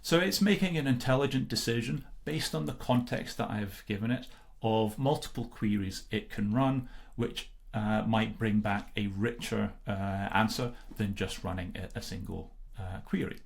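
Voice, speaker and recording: Low-voiced man explaining a software demo. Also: gravelly. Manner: relaxed, explanatory, many filler pauses. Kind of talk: casual screen-recorded tutorial narration.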